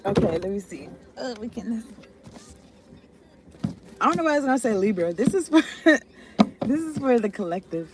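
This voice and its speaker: A woman's voice: a little high, big pitch swings, moderate pace, pauses often, very noisy. A woman giving a loose, rambling tarot reading, swearing and often trailing off. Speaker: tarot reader.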